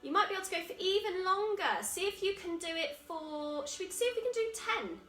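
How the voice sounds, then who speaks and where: A woman with an English accent guiding a children's yoga class, calling out moves in a gentle, encouraging way. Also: very high voice, lively intonation, brisk. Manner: encouraging, gentle, calls out moves while exercising. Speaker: kids yoga instructor. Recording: echoey room, voice from a distance, soft music.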